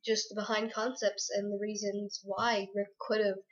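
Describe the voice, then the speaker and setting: A woman's voice: mid-range voice, level tone, normal speed, lo-fi sound. A young woman gushing about a book in a chatty, giggly way. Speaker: book reviewer. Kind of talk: casual book review chat.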